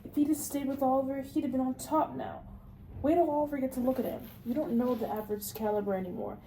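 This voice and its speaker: A woman's voice: high-pitched, fairly even intonation, mellow, echoey room, recorded from a distance, a little hiss or hum, poor audio. A woman reading the part of an aging, blustering salesman father in an amateur play read-through, bossy and lecturing. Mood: agitated. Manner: bossy, lecturing, quick to snap.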